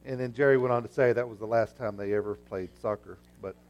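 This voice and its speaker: A man preaching a sermon, telling a story and acting out the voices in it, swinging from hushed to loud. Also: fairly low pitch, fast, muffled recording, a little hiss or hum. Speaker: pastor.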